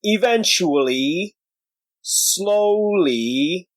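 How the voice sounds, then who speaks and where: A man voicing a century-old giant warrior monk elder, sad and gruff, speaking slowly and weightily. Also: sits high, expressive, dry recording, pitched above the performer's own voice, heavily acted. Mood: solemn. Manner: slow, weighty, sorrowful delivery.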